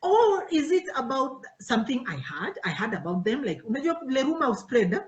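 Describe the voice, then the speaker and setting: Speaking at a moderate pace with hardly any pauses, this woman has a high-pitched voice. She's a pastor's wife teaching her worship team informally, acting out dialogues animatedly in different voices. The room echoes and the highs are cut off.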